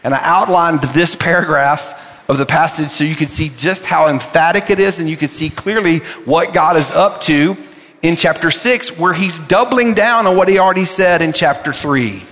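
Emphatic older pastor preaching in a reverberant sanctuary. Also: male voice, a little high, normal speed, a bit bright. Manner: emphatic, repeats key words for effect. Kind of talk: sermon.

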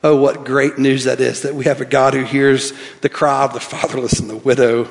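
A man's voice: mid-range voice, level tone, a little fast, gravelly. Man preaching in a reverberant hall. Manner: reads scripture aloud, wide swings from soft to emphatic. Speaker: pastor. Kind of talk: sermon.

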